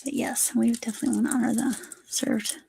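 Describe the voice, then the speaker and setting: A woman's voice: a little high, steady tone, fast, vocal fry, dark tone, a little hiss or hum. A woman from the United States hosting a craft live stream, chatting casually and rambling as she works, often breaking off mid-sentence. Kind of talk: casual chat while crafting.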